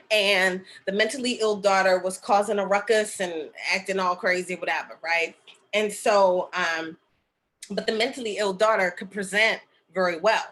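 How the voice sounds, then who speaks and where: A woman's voice: on the low side, fairly bright tone. A middle-aged woman telling a personal story in a casual, chatty way, full of fillers and asides like "okay?" and "right?". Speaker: spiritual medium and healer sharing a story.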